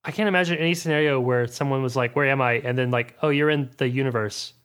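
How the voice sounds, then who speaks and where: A man's voice: mid-range voice, fast, fairly bright tone, clean tone. Brief: male comedy podcast co-host, sarcastic quips, casual banter.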